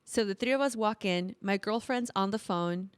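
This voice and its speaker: Speaking at a moderate pace in a smooth, mid-range voice with no room sound, this woman in her thirties co-hosts a podcast. She's animated as she tells a story in easygoing conversation, full of laughter and quotes she acts out.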